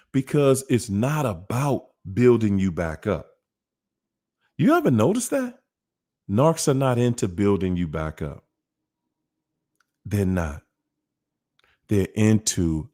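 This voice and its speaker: A man's voice: medium pitch, big pitch swings, slow pace, pauses often, darkish tone. A man, hosting a casual monologue about relationships in an emphatic, repetitive, preachy way. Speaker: host.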